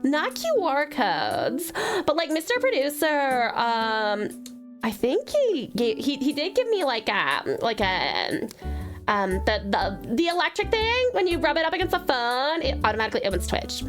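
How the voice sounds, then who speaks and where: A woman's voice: high-pitched, wildly swooping pitch, a little slow, faint music behind. A woman from Tasmania, chatting casually on a live stream, thanking viewers by name and laughing often. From Tasmania, Australia.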